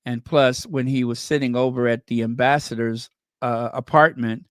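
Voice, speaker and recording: A man's voice: mid-range voice, steady tone, moderate pace, no echo, clean studio sound. A man doing casual commentary, sarcastic and chatty, tossing out rhetorical questions and wry asides. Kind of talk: casual chat.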